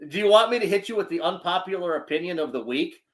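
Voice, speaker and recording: A man's voice: high voice, expressive, fast, a bit bright. A man co-hosting a casual sports podcast, joking and laughing as he banters about food and football. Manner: joking, laughing often, playful rants. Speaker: podcast co-host.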